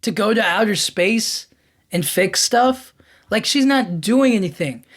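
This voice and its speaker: A man hosting a podcast, giving a casual, animated film-review rant full of "like" and "you know what I mean". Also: high voice, a little slow. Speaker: podcast host.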